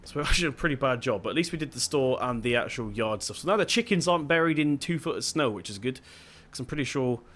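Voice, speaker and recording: A man's voice: mid-range voice, lively intonation, fast talker, hardly any pauses, a bit bright. Chatty young man narrating gameplay. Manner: rambling, chatty, corrects himself often. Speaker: gaming video host. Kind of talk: casual let's-play commentary.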